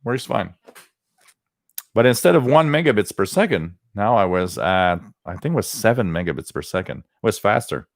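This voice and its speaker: A man talks on his livestream in a loose, rambling way, drifting between stories and shout-outs to viewers. His voice sits on the low side. The sound is dry, with no room around it. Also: animated, normal speed, gravelly, dry recording. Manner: rambling storytelling, greeting chat viewers by name. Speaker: livestream host. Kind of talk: casual chat.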